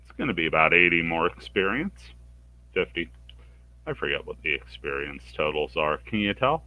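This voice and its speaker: Brief: deep-voiced male streamer, dry wit, swoops up in pitch when reading characters, close dry mic. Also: very animated, moderate pace, sharp tone, no echo. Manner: wry and sarcastic, bursts into higher pitch for characters' lines. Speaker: let's play streamer. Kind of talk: reading game dialogue aloud with sarcastic commentary.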